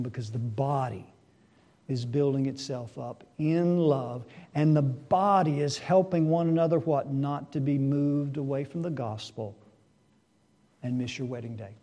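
A man preaching a sermon to his congregation, asking rhetorical questions and swinging between hushed and loud delivery. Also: medium pitch, a little slow.

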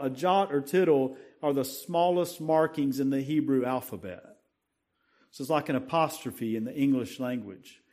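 A man preaching a sermon, asking the congregation questions and reading scripture with slow emphasis. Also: on the high side, darkish tone.

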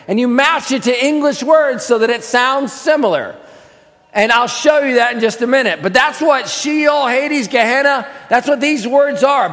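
A man's voice: extremely high pitch, fairly bright tone. A man preaching a Sunday sermon, teaching in a conversational way with rhetorical questions and raising his voice for emphasis. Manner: emphatic, raises voice for stress. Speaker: pastor. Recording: long hall reverb.

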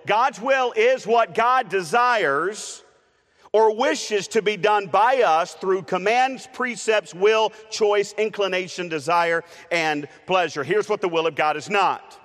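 A man's voice: high voice, takes it slowly, fairly bright tone. A male preacher giving a sermon in a conversational, playful way, with frequent uh's and restarts. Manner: playful with the congregation. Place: church sanctuary. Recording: long reverb of a church hall.

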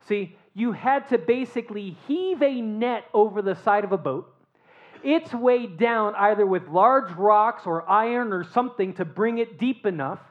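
A preacher delivers a sermon as lively storytelling, asking the congregation rhetorical questions and then sinking into near-whispered asides. The voice sits at a middling pitch and comes through a dull, muffled recording. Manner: animated storytelling with rhetorical questions, dropping to a hushed tone. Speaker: pastor.

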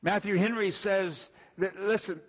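A man preaching a sermon, folksy and animated, acting out little quoted voices as he walks through Scripture. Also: high voice, unhurried, muffled recording. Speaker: pastor.

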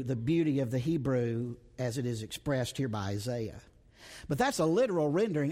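A high, animated male voice preaches slowly and deliberately, asking the same question again and again and drawing out single words. His voice rings with the long reverb of a big hall. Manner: dramatic, repeats rhetorical questions, stretches words, drops to a hush. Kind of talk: expository sermon.

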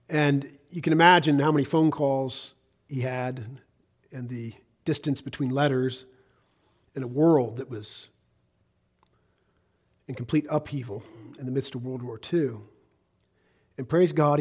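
A middle-aged American man preaching a sermon, swinging between loud emphasis and hushed, quiet passages. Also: a little high, breathy edge. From United States. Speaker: pastor.

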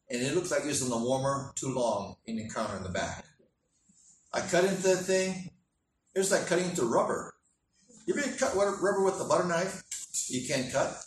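A man preaches in a relaxed, folksy way, acting out both sides of a conversation. His voice sits at a middle pitch and carries from some distance off the mic. The room is echoey, with faint noise in the background. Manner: folksy anecdotal telling with quoted dialogue. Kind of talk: sermon storytelling.

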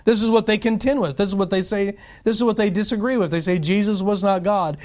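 Male pastor, high voice, emphatic sermon delivery with rhetorical questions and slow stressed scripture phrases. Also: steady tone, darkish tone. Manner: emphatic, asks and answers his own questions.

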